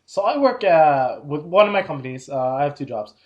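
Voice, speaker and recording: Young man, lively pitch, swears a lot, laughs through his stories, casual podcast banter. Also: fairly quick, dull audio. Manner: laughs often, swears, animated storytelling. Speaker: podcast host. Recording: echoey room, audio-only podcast.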